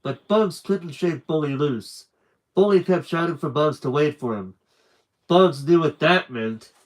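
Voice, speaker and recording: A man reading a children's book aloud on a live stream with lively, animated narration and chatty asides. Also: on the high side, a little slow, rough recording.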